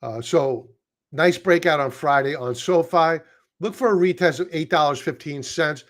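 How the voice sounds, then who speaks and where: Brooklyn guy talking stock charts, kinda high voice, chatty and jokey. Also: normal speed, fairly bright tone. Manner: chatty, self-deprecating, wordy restarts. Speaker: market analyst. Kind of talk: casual market commentary.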